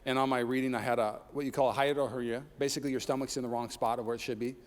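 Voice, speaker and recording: Pastor preaching in an echoing hall. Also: male voice, mid-range voice, fairly even intonation, racing. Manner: preaches with rising intensity, tells personal stories with humor. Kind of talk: sermon. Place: church sanctuary. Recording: long reverb of a large hall.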